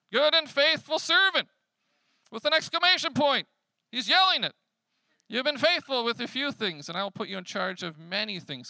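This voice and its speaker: A man preaching a sermon in a conversational way, swinging between loud emphatic lines and hushed quiet ones. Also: a little high, creaky, no room sound. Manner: conversational preaching with casual fillers. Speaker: pastor.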